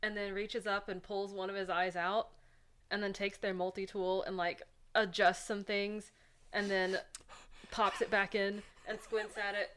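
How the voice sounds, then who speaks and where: A woman playing a tabletop game, calmly describing her character's actions. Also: medium pitch, unhurried, clear, resonant tone. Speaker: player.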